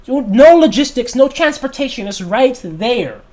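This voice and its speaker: A man's voice: extremely high pitch, big pitch swings, normal speed, a little mellow. Passionate man ranting on a livestream. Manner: passionate, emphatic, repeats points. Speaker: livestream host. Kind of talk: casual livestream talk.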